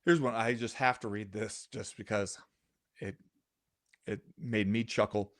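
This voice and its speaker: A man co-hosting a podcast in casual chat, reading listener comments aloud with a wry, animated delivery. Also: fairly low pitch, unhurried, no echo, studio quality. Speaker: podcast co-host.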